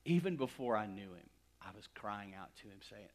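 A middle-aged man from West Texas preaching a sermon, swinging from loud emphatic lines to hushed near-whispers. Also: on the low side, animated, normal speed, hardly any pauses. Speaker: pastor.

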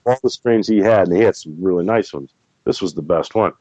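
A man's voice: low voice, fairly quick, darkish tone, no echo. A middle-aged man telling a long story as an interview guest, rambling and correcting himself, with frequent laughs. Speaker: interview guest, plant breeder. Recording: dull, dry sound.

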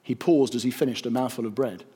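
A man narrating a rhyming story in a gentle, rhythmic storytelling manner. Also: mid-range voice, fast, breathy edge.

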